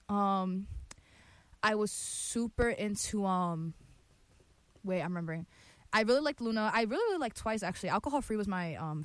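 A woman's voice: mid-range voice, no echo. A young woman hosting a music show, chatting casually and bubbly with lots of fillers. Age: young adult. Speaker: college radio host.

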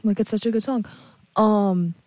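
A woman's voice: medium pitch, expressive, moderate pace, no echo. A young woman hosts a casual show, chatting between songs in a loose, rambling way full of "like" and "um". She sounds sleepy and keeps correcting herself. Her voice sits in a middle register and is recorded dry and close, with no room sound. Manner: rambling, scattered with fillers and self-corrections. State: sleepy, yawning. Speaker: host playing and introducing songs. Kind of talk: casual chat.

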